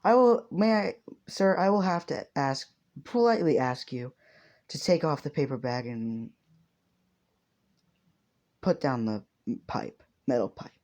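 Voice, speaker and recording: A man's voice: on the high side, expressive, a little slow, pauses often, darkish tone. A man voicing an overly polite young male hero who talks formally and stammers over his words. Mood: stiffly polite.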